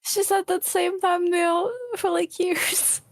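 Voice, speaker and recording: A woman's voice: very high voice, little pitch movement, slow, dry recording. A woman co-hosting a casual reaction chat, teasing and mocking with a giggle. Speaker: co-host.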